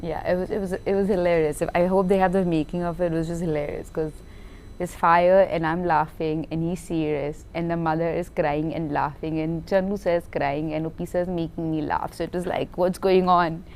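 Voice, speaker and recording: A woman actress, telling stories in an animated, laughing interview chat and often repeating words. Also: low voice, fairly quick, a little hiss or hum. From India. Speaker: film actress.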